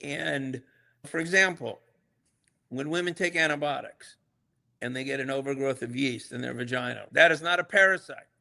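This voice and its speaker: Middle-aged male doctor co-host, gravelly and bright, blunt and emphatic, casual podcast chat. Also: mid-range voice, moderate pace. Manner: blunt, emphatic, frequent "okay?" check-ins.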